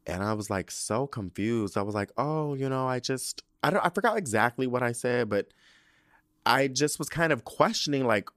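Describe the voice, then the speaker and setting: A man's voice: fairly low pitch, moderate pace, fairly bright tone, no echo, clean studio sound. A young man hosting a podcast, telling a story in a sassy, dramatic, slangy way with lots of swearing. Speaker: podcast host. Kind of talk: casual storytelling monologue.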